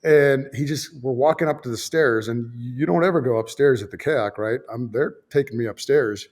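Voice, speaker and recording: A man's voice: mid-range voice, moderate pace, a little mellow. A man in his fifties, a former fighter pilot, telling a story as a guest in casual conversation; he swears freely, pokes fun at himself and stacks fillers and restarts.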